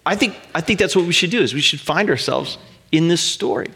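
A middle-aged man pastor preaching a sermon, earnest and emphatic, stretching out pauses to land his points. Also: a little high, animated, sharp tone, slightly rough.

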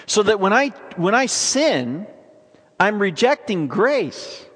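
A man delivers a sermon in a high, bright voice. He preaches with emphatic, energetic bursts of excitement, and his words ring out with a long reverb from a large hall. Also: takes it slowly, slightly rough. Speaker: pastor.

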